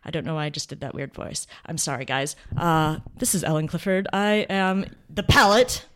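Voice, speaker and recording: A woman's voice: low-pitched, normal speed, fairly bright tone. A woman hosting a wine podcast in a playful, rambling, self-mocking chat. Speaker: podcast host and wine expert. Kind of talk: casual chat.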